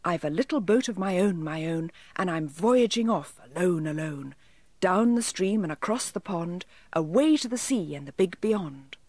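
A woman voicing a tiny, eager, fretful male elf with a small silvery voice, high and pleading, in a storybook reading. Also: lively intonation, normal speed, a little mellow, no echo. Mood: sing-song.

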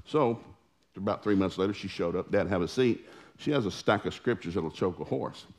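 Low-voiced preacher guy telling family stories, folksy and animated, church sermon. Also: fairly quick. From Oklahoma. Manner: folksy, animated storytelling with acted quotes. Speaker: pastor. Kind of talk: storytelling sermon.

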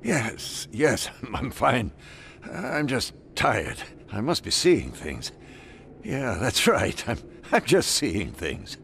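An actor playing a shaken, haunted male survivor in a video game, speaking in a halting, gravelly way. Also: medium pitch, huge pitch swings, fairly bright tone, slight background noise, heavily acted. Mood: nervous, evasive. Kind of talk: video game cutscene acting.

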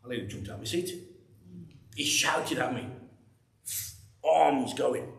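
A man's voice: medium pitch, a little slow, gravelly. A man preaching a sermon to a church congregation, emphatic and conversational, with many repeated phrases. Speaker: pastor. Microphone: microphone. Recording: echoey church room.

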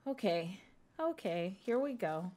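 A woman's voice: mid-range voice, sing-song, slow, mellow. A young woman streaming a horror game live, scared and jumpy, whispering and then exclaiming as she plays and thanks her viewers.

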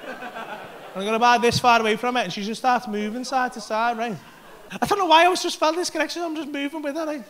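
A man doing animated stand-up storytelling in a comedy club, swearing freely and acting out voices. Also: extremely high pitch. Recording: live comedy club set.

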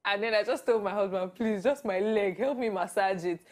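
A bubbly young woman with a Nigerian accent, talking as a guest in a relaxed interview. She laughs easily and slips into playful voices for the people in her stories, her pitch sitting at an ordinary middle height. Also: a little fast. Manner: bubbly, laughs often, acts out quoted voices. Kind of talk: casual interview chat.

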